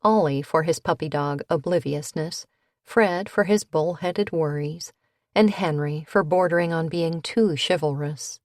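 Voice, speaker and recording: Woman, audiobook narrator, unhurried pace, lowish voice, dry close sound. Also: a little mellow, no room sound. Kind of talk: scripted narration.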